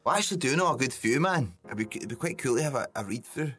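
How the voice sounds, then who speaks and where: A man's voice: medium pitch, expressive, quick pace, fairly bright tone. A Scottish man hosting a podcast, joking and swearing in casual banter with his mates. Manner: swearing, joking, bursts of laughter. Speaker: podcast host.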